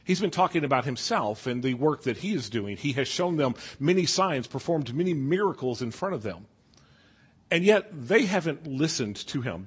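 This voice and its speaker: Husky-voiced man teaching a Bible class. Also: mid-range voice. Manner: conversational, asks the class questions.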